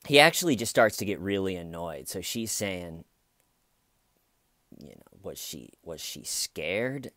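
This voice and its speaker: Sarcastic man with a low, dry voice. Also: very animated, unhurried, bright, forceful tone, no room sound. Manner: sarcastic, profane, mimics people he talks about. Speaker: commentary channel host. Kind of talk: casual true-crime commentary.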